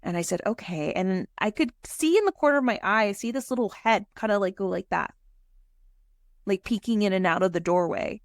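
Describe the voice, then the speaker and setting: A woman guest on a podcast, telling a story in an animated, chatty way. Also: medium pitch, a little fast, dry recording, studio quality.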